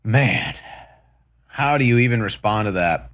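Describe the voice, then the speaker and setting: An indignant male commentator repeats his accusations with heavy emphasis. His pitch swings animatedly over a dry, close recording. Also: big pitch swings, fast, fairly bright tone, no room sound. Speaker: political commentator. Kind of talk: opinion commentary.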